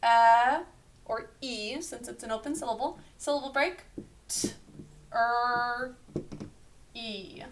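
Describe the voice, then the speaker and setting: A woman's voice: a little high, slow, pauses often, background noise. A woman teacher giving a recorded spelling lesson, patiently sounding out each syllable and letter sound.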